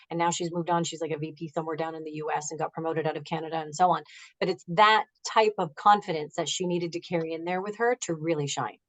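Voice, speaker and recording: A woman with a lowish voice, heard through poor audio, appears as a guest on a video-call interview. She's a negotiation expert and author who gives emphatic, energetic advice in a conversational way, acting out quotes from her clients.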